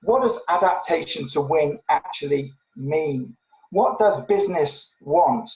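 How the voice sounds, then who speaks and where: A man's voice: on the high side, lively intonation, darkish tone, echoey room, low-quality recording. A man moderating an online panel, speaking casually and firing off a string of rhetorical questions. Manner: brisk, rhetorical questions in series. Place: online video call.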